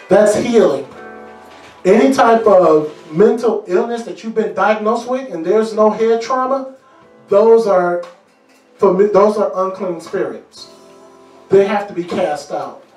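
In a deliverance sermon, a man with a high-pitched voice preaches with lively energy and slips in humorous asides. The mic sits far off in an echoey church hall, with faint music playing underneath.

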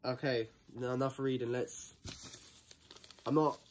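A man's voice: mid-range voice, steady tone, a little slow, a little hiss or hum. Nervous swearing young man. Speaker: vlogger. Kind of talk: casual vlog chatter. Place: outdoors in the sun.

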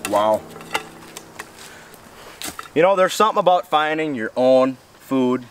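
Midwest guy cooking outdoors, chatty and excited, mid voice, mic kinda far off. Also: medium pitch, slow. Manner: folksy, chatty, enthusiastic. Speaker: outdoor show host. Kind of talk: casual outdoor cooking vlog. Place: outdoors near woods. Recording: distant outdoor mic, faint noise.

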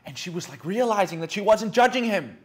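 A man's voice: sits high, a little fast. A young man lecturing a small group as a dating coach, telling blunt stories with lots of "like", often acting out what others said. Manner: frank, animated storytelling, acting out quotes, many "like"s.

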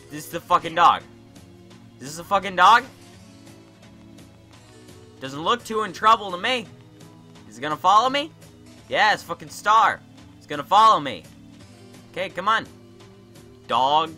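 Foul-mouthed ranting young man, bright voice. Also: a little high. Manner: profane, sarcastic ranting. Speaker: gaming YouTuber. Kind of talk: let's play commentary.

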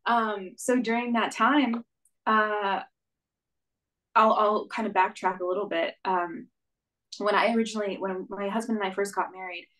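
A woman's voice: mid-range voice, fairly even intonation, moderate pace, fairly bright tone, poor audio. Earnest young woman telling her story. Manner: earnest, reflective storytelling with frequent "like" and "um". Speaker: guest, stage actress. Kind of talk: conversational interview.

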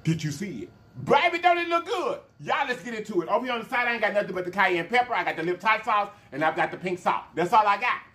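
A man hosting a mukbang vlog, talking casually and excitedly to his viewers. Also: high voice, quick pace, few pauses. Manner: animated, excitable, calls out to viewers. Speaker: mukbang channel host.

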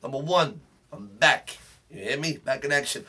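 A man's voice: a little high, animated, normal speed, slightly rough. A man playing a brash, swaggering Brooklyn tough guy, delivering a profane, boastful comedic rant. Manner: boastful, profane, shouting rants. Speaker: comedic character host. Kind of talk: comedic character monologue.

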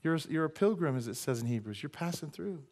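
Pastor, male, high voice, jokey animated sermon delivery in church. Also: quick pace. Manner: animated, joking, rhetorical questions. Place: church sanctuary.

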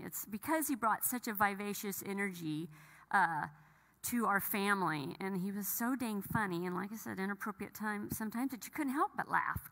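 A middle-aged woman gives an emotional personal testimony, halting and full of restarts. Her voice is bright with a gravelly edge. It rings out with the long reverb of a church hall. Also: medium pitch. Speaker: bereaved mother sharing testimony. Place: church sanctuary.

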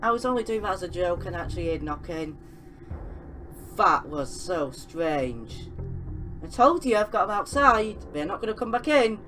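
A young woman commenting on a horror game she is playing, excitable and often yelling at the characters on screen. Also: on the low side, moderate pace, faint music behind. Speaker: gaming channel host. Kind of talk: let's-play commentary.

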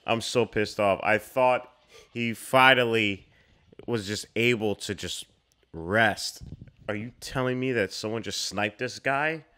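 A young man hosting a casual film reaction, excitable and slangy, calling out at the screen. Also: lowish voice, slow pace, clear, resonant tone.

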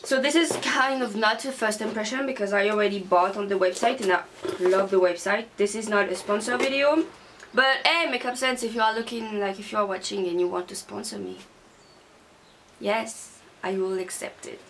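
A woman's voice: medium pitch, moderate pace, fairly bright tone, a little hiss or hum. Angry young woman ranting to camera. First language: not English. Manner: angry, swearing rant. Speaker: beauty vlogger. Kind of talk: casual unboxing vlog.

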